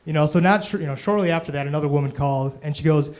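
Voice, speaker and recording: A man's voice: a little high, very fast, darkish tone. A young man doing a stand-up comedy set on stage, rambling and self-deprecating, full of "you know" and "um".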